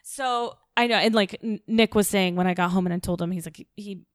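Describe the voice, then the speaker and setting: A woman's voice: mid-range voice, fairly quick, no echo, clean studio sound. A young woman co-hosting a podcast, telling a story in casual chat with blunt, profane language and lots of quoted dialogue. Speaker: podcast co-host.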